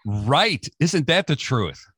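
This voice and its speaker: A man's voice: medium pitch, big pitch swings, slow pace, fairly bright tone. An American man hosting a radio talk show, interviewing a guest in a playful, teasing way. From United States. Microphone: studio microphone.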